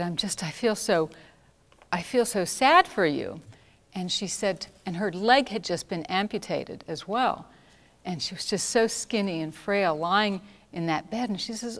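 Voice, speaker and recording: A woman telling personal stories in an earnest, reflective way, pausing and restarting as she recalls them. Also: on the low side. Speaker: speaker recounting volunteer work. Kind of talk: personal storytelling talk. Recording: long hall reverb.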